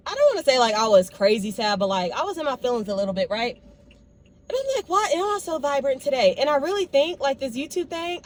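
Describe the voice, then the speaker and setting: A woman's voice: sits high, low-quality recording. A woman in her twenties talking casually and expressively to her viewers in a vlog, recorded on a phone while out running errands. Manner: chatty, expressive, talks straight to viewers. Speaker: vlogger.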